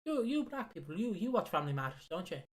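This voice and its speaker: Woman doing a clueless old boss guy, tries way too hard to sound cool, kinda low. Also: sing-song, fast talker. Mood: pandering. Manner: fumbling, trying too hard to sound hip. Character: out-of-touch older male wrestling boss.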